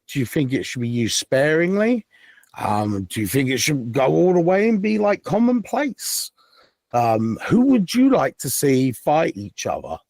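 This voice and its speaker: A man's voice: mid-range voice, a little mellow, no room sound. A man co-hosting a wrestling podcast, chatting casually and rambling with frequent ums and restarts. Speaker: podcast co-host. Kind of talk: casual chat. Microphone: podcast mic.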